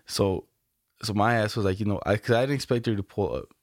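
A man's voice: on the low side, a little fast, no room sound. Laid-back slangy man, dry close sound. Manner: laid-back slangy storytelling, lots of profanity. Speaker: podcast co-host. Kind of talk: casual chat.

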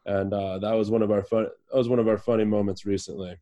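A man's voice: lowish voice, little pitch movement, quick pace, mellow, muffled recording. A man from Virginia, a soccer player guesting on a podcast, talking in an easygoing, rambling way with lots of fillers. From Virginia, USA. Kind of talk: casual interview chat.

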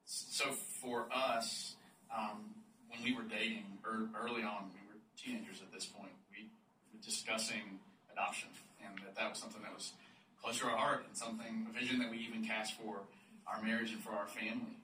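A man speaking in a measured, reflective way as a church friend giving testimony. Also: lowish voice, level tone, sharp tone. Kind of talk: personal testimony. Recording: roomy, distant mic, faint noise.

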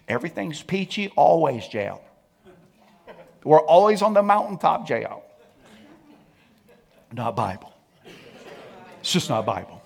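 A high-pitched man preaching a sermon. He calls on the congregation to repeat his words back to him. He drops to a hush, then rises to shouting. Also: gravelly. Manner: preaching with call-and-response, swinging from hushed to shouting; sings and hums snatches of a song. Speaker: pastor.

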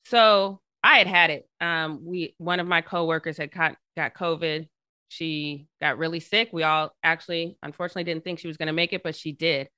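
A woman journalist telling stories in a casual interview, animated and acting out the people she quotes. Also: sits low, moderate pace, clear, resonant tone, no room sound. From Colorado. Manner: animated, acts out quoted people in her story. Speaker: journalist guest.

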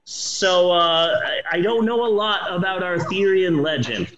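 A man's voice: sits high, measured pace, roomy sound, highs cut off. A man in his forties casually reviewing a movie on a podcast, swearing often and talking with eager enthusiasm. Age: 40s. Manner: animated, swears a lot, enthusiastic.

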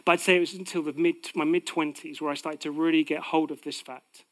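Animated male preacher, high voice. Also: brisk. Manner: animated, swings from loud proclaiming to hushed. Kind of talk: sermon.

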